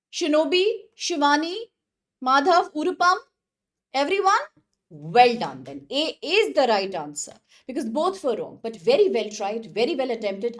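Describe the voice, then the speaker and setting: High-pitched woman teacher, chatty, keeps calling out students by name. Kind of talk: live online exam-prep lesson.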